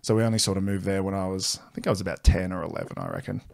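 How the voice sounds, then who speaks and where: Australian male podcast guest, mid pitch, easygoing, swears casually. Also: fairly even intonation, rapid-fire, creaky. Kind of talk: casual chat.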